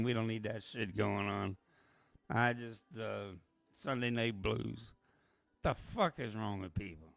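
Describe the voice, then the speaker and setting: A man's voice: on the low side, slow pace, creaky, fairly bright tone, no room sound, soft background music. A man hosting a late-night livestream, talking candidly and rambling with swearing, tired and emotional. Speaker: channel host.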